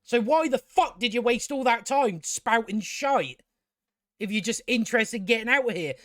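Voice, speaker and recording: A man's voice: very high-pitched, animated, moderate pace, fairly bright tone, no room sound, clean studio sound. A young man ranting through a casual TV review, exasperated, sweary and repeating himself. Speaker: TV review vlogger.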